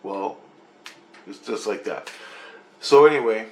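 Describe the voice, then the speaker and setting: A man's voice: on the low side, takes it slowly, reverberant, a little hiss or hum. A man telling a long, rambling story in a monologue, swearing freely and restarting sentences. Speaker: vlogger recounting a dream.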